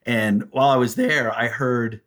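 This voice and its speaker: A man telling stories as a podcast guest, animated and acting out the voices of people he quotes. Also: mid-range voice, normal speed. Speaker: guest, prison ministry volunteer. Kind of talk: storytelling in a podcast interview.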